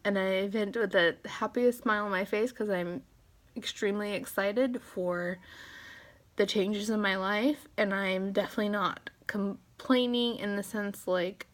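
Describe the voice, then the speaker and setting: Slow-talking, emotional woman vlogger. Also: medium pitch. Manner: emotional, laughing between words. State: close to tears, trying to hold it together. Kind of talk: emotional personal vlog, venting to camera. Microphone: phone camera.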